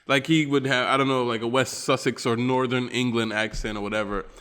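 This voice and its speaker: A man's voice: mid-range voice, fairly even intonation, a little fast, a bit bright, clear, resonant tone. Laughing Appalachian man in a reverberant room. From West Virginia. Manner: laughing, rambling, filler-heavy. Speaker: podcast co-host. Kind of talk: casual chat.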